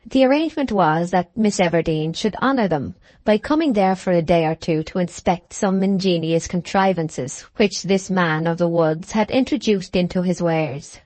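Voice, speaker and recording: A woman reading a classic novel aloud as an audiobook narrator, in a measured, even manner. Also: on the low side, no room sound. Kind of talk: scripted narration.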